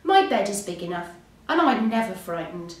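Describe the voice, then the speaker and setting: A woman's voice: medium pitch, very animated, moderate pace, lightly acted. A woman voicing a grumpy, sleepy male pig in a storybook reading, scoffing and no-nonsense. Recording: roomy, distant mic.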